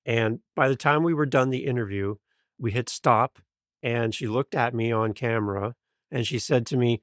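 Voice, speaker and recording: A man guesting on a podcast, an energetic and enthusiastic storyteller. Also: mid-range voice, moderate pace, no room sound, studio quality. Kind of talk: interview storytelling.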